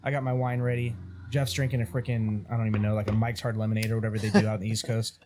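A man hosting a podcast, eager and excitable, swearing casually as he chats. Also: on the low side, fast, slight background noise. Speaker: podcast host.

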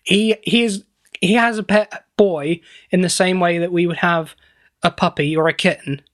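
A man co-hosting a comedy podcast, telling a mock-serious story with deadpan banter. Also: sits high, normal speed. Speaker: podcast co-host.

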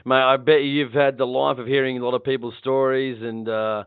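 A man's voice: mid-range voice, flat delivery, moderate pace, smooth. An Australian man hosting a casual interview, asking loose, friendly questions with restarts. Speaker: podcast host. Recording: tinny phone-like line, dry.

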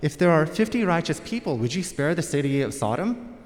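A man's voice: on the high side, sing-song, a little fast, pitched above the performer's own voice. A man voicing an old patriarch musing and pleading with God, in a long hall reverb.

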